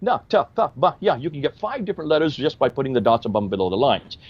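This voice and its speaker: A man's voice: medium pitch, animated, quick pace, breathy edge, no room sound, lo-fi sound. A man explaining at length in a discussion, emphatic and fond of rhetorical questions. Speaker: Christian apologist explaining history. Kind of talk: lecturing discussion.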